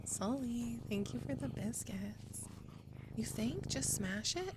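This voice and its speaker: Over a noisy background, a young gaming streamer with a fairly high, animated voice talks slowly, chatting casually with her viewers while giggling and swearing freely.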